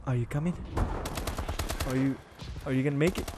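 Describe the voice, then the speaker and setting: This gaming channel host has a medium pitch and talks a little fast, pausing often, with loud game gunfire filling the background. He keeps his commentary casual while teasing and trash-talking the other players.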